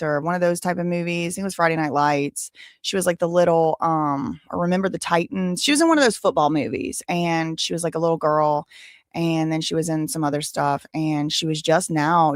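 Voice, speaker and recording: Woman in her thirties, casual livestream host, rambling chatter, slightly low voice, close dry mic. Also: dry recording. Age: 30s. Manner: chatty, rambling, many fillers. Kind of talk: casual livestream chat with viewers. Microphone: desk microphone with headphones.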